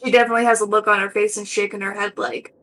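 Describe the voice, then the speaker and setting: A woman's voice: mid-range voice, little pitch movement, very fast, fairly bright tone. A woman playing a tabletop game, describing her character with wry, casual asides. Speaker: player.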